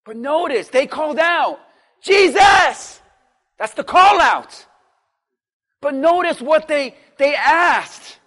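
Pastor guy with a really high voice, preaching hard, repeats stuff, goes quiet then yells, long churchy echo. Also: expressive, slow pace. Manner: emphatic preaching that swings from quiet to shouted; repeats phrases for stress. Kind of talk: sermon.

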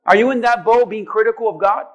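A man with a very high voice preaches to his church. He swings between shouting and dropping to a near hush. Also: fast talker, highs cut off. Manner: swings between shouting acted disciples and soft hushed assurance. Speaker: pastor. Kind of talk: sermon.

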